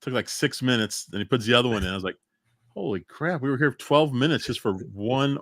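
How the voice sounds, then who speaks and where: A man's voice: mid-range voice, quick pace, dry recording. A man co-hosting a casual group chat, telling rambling stories with lots of fillers. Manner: rambling storyteller, trails off with fillers. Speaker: podcast co-host.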